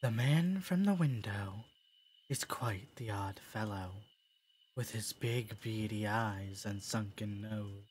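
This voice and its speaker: Streamer doing a whispered role-play, spooky bedtime story voice, quiet and slow. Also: medium pitch, slightly rough. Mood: eerie. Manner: slow, hushed, eerie. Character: creepy hushed storybook narrator.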